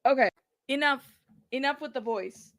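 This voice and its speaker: Brief: high-voiced woman host, bubbly, greets her chat, dry close mic. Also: moderate pace, no echo. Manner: bubbly, shouting out chat members by name. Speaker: livestream host. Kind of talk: casual livestream chat. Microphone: plug-in mic at a computer.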